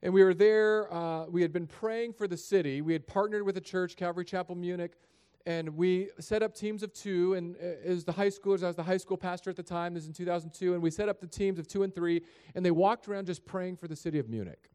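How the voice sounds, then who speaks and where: A middle-aged male pastor telling a story in a sermon, shifting between hushed and raised passages. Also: sits high, fairly quick, clear, resonant tone.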